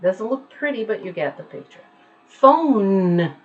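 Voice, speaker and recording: A woman's voice: mid-range voice, lively intonation, fairly quick, narrow, tinny audio, faint music behind. A woman teaching English pronunciation online from home, patiently repeating each word to demonstrate its sound.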